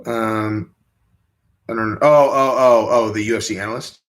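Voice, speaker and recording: A man's voice: fairly even intonation, moderate pace. A young man hosting a casual livestream, reading viewer questions and rambling in a crude, offhand way. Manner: rambling, crude, jumps into high mocking voices when quoting. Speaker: livestream host.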